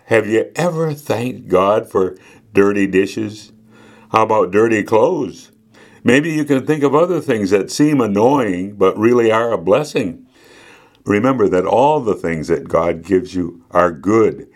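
Low-voiced man telling a devotional story. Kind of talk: devotional story reading for children.

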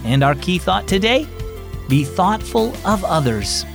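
A man's voice: sits high, big pitch swings, a little slow, vocal fry, loud music behind the voice. A man hosting a children's devotional program, friendly and encouraging as he speaks to kids. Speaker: host.

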